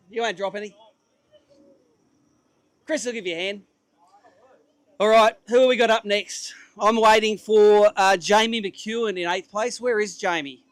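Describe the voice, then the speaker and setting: A man's voice: high voice, fairly bright tone, no echo. An Australian man emceeing a fishing tournament weigh-in outdoors, chatty and upbeat with the anglers. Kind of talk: live tournament emcee banter. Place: outdoor waterside stage.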